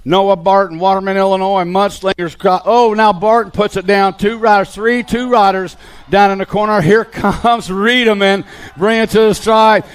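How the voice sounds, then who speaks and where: Guy announcing bmx races live, high smooth voice, hyped play by play. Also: normal speed. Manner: excited play-by-play calling riders and positions. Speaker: race announcer. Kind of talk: live race commentary.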